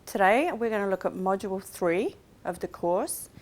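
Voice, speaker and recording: A woman lecturer, delivering a recorded online course lecture in a clear, measured, explanatory way. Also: mid-range voice, animated. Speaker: university lecturer.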